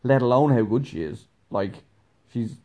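A man's voice: mid-range voice, animated, moderate pace, a little mellow. A young man telling a casual, rambling story, laughing often and filling his talk with "like". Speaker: podcast host, musician.

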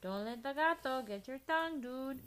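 A woman's voice: high voice, animated, moderate pace, fairly bright tone, slight background noise, voice pushed up. A woman voicing a pack of cheerful little male Chihuahuas, bossy and teasing, with Spanish-flavored words, in a storybook read-aloud.

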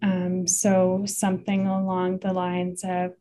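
A woman's voice: mid-range voice, little pitch movement, unhurried. A woman therapist explaining couples communication in casual conversation, with frequent fillers and restarts. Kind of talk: casual podcast chat.

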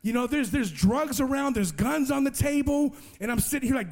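Guy preaching his testimony, high voice, tells it like a story, stumbles n repeats words. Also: moderate pace. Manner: lively storyteller who acts out other people's voices.

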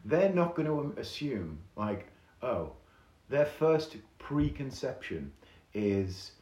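A man hosting a podcast, telling a story in a chatty, animated way with casual fillers. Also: mid-range voice, takes it slowly. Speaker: podcast host. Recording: echoey room.

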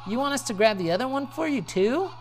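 A woman voicing an excitable young male hero from a video game, in a high, agitated voice. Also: fast talker. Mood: alarmed.

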